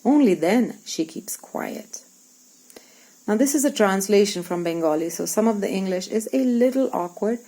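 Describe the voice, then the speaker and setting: A woman's voice: mid-range voice, expressive, normal speed, warm tone, poor audio. A woman teacher reading a storybook aloud to young pupils and acting out its lines as she explains words.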